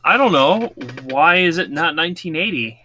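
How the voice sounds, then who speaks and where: A man's voice: on the high side, lively intonation, moderate pace, pushed and bright, a little hiss or hum. A man co-hosting a podcast, riffing on a movie with dry, sarcastic quips. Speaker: podcast co-host.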